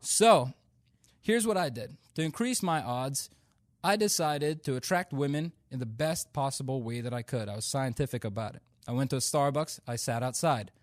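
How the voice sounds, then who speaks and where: A man's voice: mid-range voice, moderate pace, no echo, clean studio sound. Self-deprecating young man doing stand-up. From India. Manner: self-deprecating, playful storytelling. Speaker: stand-up comedian. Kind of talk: stand-up comedy routine.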